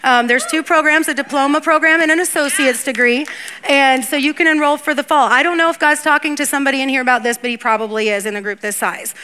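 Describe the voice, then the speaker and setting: A woman pastor preaching on a church stage and interviewing guests, in a lively, chatty, laughing way. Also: high voice, fast.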